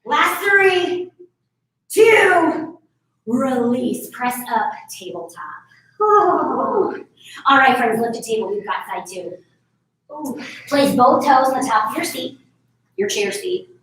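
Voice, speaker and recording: A woman's voice: high-pitched, animated, slow pace, pauses often, a bit bright. Chatty woman barre instructor, echoey room. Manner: chatty, encouraging, laughs often. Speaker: fitness instructor. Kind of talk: live barre class instruction. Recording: echoey room, far from mic.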